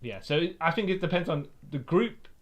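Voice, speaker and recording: A man co-hosts a podcast with a voice pitched a bit high. He is chatty, laughs easily and fills gaps with quick agreeing yeahs. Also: lively intonation. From Britain. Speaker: podcast co-host. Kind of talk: casual chat.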